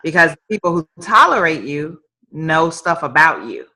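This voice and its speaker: This guest entrepreneur, a woman, has a low-sitting voice with lively intonation and a bright, forceful tone at normal speed. In a live-streamed motivational conversation, she hammers her points home like a preacher, repeating phrases, captured via the online stream.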